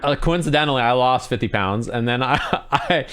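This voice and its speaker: A man's voice: mid-range voice, a little fast, a bit bright, smooth. A man, a fighting game commentator, talking candidly and in a laid-back way as the guest in an interview. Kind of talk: casual interview chat.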